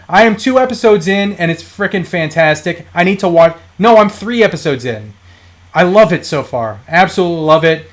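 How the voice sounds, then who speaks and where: A man in his thirties hosting a toy collecting live stream, telling stories in a rambling, casual way with many fillers and restarts. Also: fairly high pitch.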